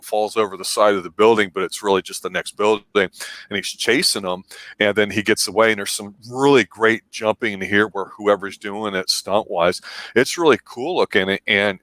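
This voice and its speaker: A man with a lowish voice talks casually and with enthusiasm as co-host of a film review show. The sound is dry and close, with little room around it. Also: a bit bright, no echo. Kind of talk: casual chat.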